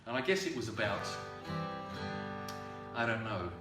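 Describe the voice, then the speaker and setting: A man, a singer-songwriter, telling a halting, unhurried story full of ums and uhs before a song at a livestreamed home concert. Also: fairly low pitch, big pitch swings, roomy sound, distant mic, music in the background.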